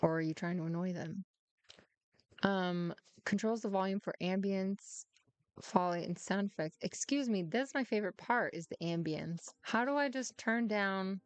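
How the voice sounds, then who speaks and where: A woman's voice: mid-range voice, normal speed, clear, resonant tone, no room sound. A woman chatting casually through her gameplay, teasing and muttering to herself as she plays. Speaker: gaming streamer.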